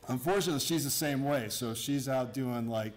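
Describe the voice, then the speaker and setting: A man's voice: mid-range voice, a little fast. A middle-aged Army commander speaking to his workforce in a room, in a loose, conversational way. He jokes and slips into sarcasm, wanders into asides and restarts, and keeps the tone easygoing. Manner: joking and sarcastic. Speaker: Army garrison commander addressing staff. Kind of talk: informal introductory talk to a workforce. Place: room with an audience.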